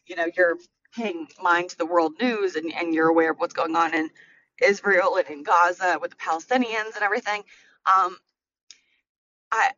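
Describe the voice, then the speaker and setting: A woman's voice: on the low side, sharp tone, dull audio, slight background noise. An American woman hosting a podcast while driving, talking earnestly and reflectively with many fillers, near tears. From United States. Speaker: podcast host. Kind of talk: casual solo podcast monologue.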